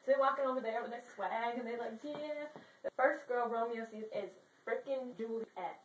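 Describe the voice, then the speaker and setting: A woman's voice: a little high, steady tone, brisk, distant mic, slight background noise. A woman retelling a classic play as a crude, slangy comedy bit, recorded in a roomy space away from the mic. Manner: crude, brash and profane. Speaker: storyteller.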